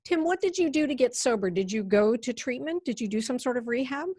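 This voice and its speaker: A woman's voice: on the high side, expressive, a little fast, dark tone, breathy edge, no echo. Woman, podcast host, chatty, rambling, close dry sound. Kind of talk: podcast interview.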